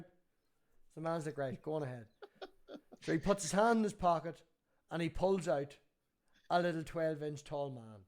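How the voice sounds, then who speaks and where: A man's voice: a little high, normal speed, pauses often. A man hosting a casual stream chat, telling a long bar joke and swearing freely. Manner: swears freely, animated storytelling. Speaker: stream host.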